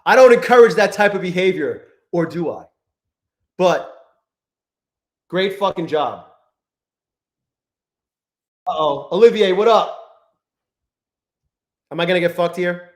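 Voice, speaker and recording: A man live-streaming his trading, cursing constantly and swinging between low muttering and angry shouting at the market. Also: animated, a little slow, pauses often. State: frustrated and angry. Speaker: livestreaming futures trader.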